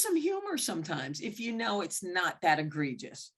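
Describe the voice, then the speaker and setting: A woman's voice: normal speed, husky. A woman basketball referee telling frank stories in a mentoring talk, acting out the exchanges she recalls. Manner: animated, acts out quoted exchanges with big pitch jumps; blunt and frank, with occasional mild swearing. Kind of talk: candid storytelling in a mentoring talk.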